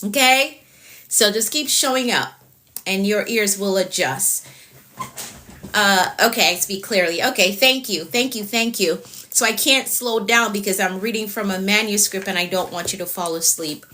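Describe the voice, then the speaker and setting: A woman with a Jamaican accent, a productivity coach talking fast on a live stream and checking in with "okay?" after nearly every point. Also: medium pitch, sharp tone, slight background noise.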